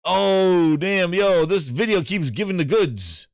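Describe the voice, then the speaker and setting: A man hosting a casual gaming show, excitable and slangy, often breaking into laughter while he reacts. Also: sits high, takes it slowly, gravelly, no room sound, studio quality. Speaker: host. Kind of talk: casual live-show commentary.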